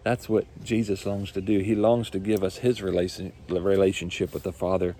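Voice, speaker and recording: A man's voice: sits low, little pitch movement, moderate pace, warm tone, slight background noise. A male pastor preaching a sermon, earnest and repetitive, building his points with rising emphasis.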